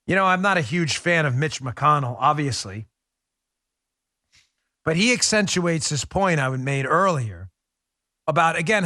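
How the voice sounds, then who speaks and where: A man's voice: high-pitched, bright, forceful tone, no echo, clean studio sound. Sarcastic American man hosting a podcast. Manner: sarcastic, mocking, laughs often. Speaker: podcast host. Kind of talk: political commentary.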